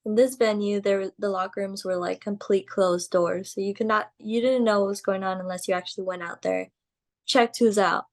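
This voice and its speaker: A young woman, a guest in a casual interview, telling stories in an animated way, with many "like"s and "um"s and laughter along the way. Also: medium pitch, normal speed. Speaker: guest, pro wrestler.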